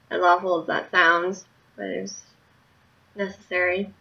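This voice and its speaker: A woman's voice: lowish voice, flat delivery, unhurried, gravelly. A tired woman telling a story in a candid, rambling video diary. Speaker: video diarist. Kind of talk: casual diary vlog. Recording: muffled lo-fi recording.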